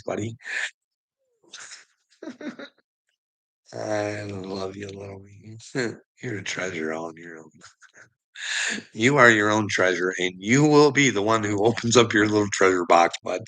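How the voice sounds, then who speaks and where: Gravelly dude laughing nonstop, swearing and teasing everyone, calls em bud, bright edgy tone. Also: male voice, lowish voice. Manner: mocking, teasing. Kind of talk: casual profane rant to chat.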